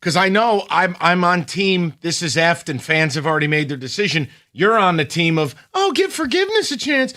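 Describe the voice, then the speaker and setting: A man hosting a sports radio show in a studio, bantering excitably with his co-hosts. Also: fairly high pitch, dry recording. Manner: excitable, quick banter, whoops when right. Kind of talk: casual sports talk.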